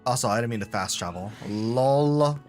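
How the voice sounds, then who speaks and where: A man's voice: medium pitch, moderate pace, a little mellow, soft background music. A man live-streaming a video game, chatting casually and rambling to his viewers. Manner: chatty, rambling, talks to chat. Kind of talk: casual gameplay commentary.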